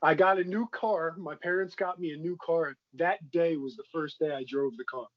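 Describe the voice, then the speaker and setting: A man's voice: on the high side, moderate pace, no echo, lo-fi sound. A man co-hosting a podcast in a casual, laid-back chat, swearing freely as he tells a story. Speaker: podcast co-host.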